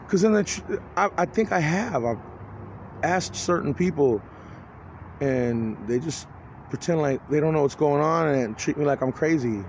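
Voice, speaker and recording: A man in his forties talking to camera in a rambling, agitated, profane video monologue, halting and restarting often. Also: a little high, animated, a little hiss or hum. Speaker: vlogger.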